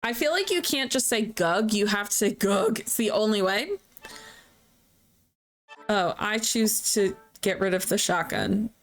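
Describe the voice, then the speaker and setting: This clip has a woman's medium-pitched voice at a measured pace, offering easygoing let's-play commentary. She laughs frequently and swears freely while faint game music plays.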